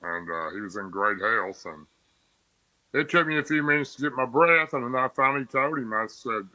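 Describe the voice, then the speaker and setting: A man's voice: mid-range voice, normal speed, bright, forceful tone, dry recording, rough recording. A man from Tennessee, a podcast guest, telling a story in plain, rambling casual speech.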